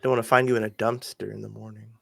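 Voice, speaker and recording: A woman's voice: extremely low pitch, level tone, very fast, vocal fry, fairly bright tone, heavily acted. A woman voicing an earnest teenage girl who stammers a little. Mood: protective. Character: nervous teenage girl, protective friend.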